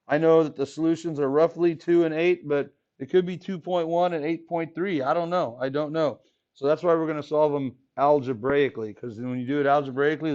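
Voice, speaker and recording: Joking math teacher talking to a class. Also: male voice, on the high side, darkish tone. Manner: casual, jokey, asks the class questions. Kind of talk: classroom lesson. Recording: dull lo-fi classroom recording.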